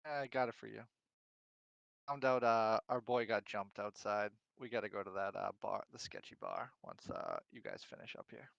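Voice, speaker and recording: Male player, gravelly, dry close sound, hesitant. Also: lowish voice, sing-song, normal speed, fairly bright tone, dry recording, muffled recording. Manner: hesitant, many fillers. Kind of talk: tabletop role-play chat.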